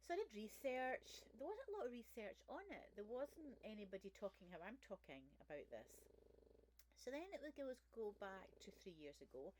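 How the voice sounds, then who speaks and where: A woman's voice: fairly high pitch, sing-song, moderate pace, darkish tone, a little hiss or hum, rough recording. A woman, frankly sharing a personal health story on her vlog in a chatty, candid way. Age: 60s. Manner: frank and candid, chatty with self-deprecating humour. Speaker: vlog host. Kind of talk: personal testimony monologue.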